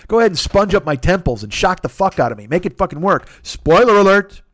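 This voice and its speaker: Male podcast host, middle-aged, profane and self-deprecating; fast delivery, slightly high voice. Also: big pitch swings, dry recording. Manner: rambling, profane, self-deprecating, quick asides. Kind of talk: profane solo podcast monologue.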